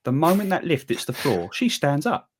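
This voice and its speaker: A man's voice: normal speed, slight background noise. A man, co-hosting a podcast and telling a long story in casual chat, acting out what people said. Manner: animated storyteller, acts out quotes with big pitch jumps. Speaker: podcast co-host.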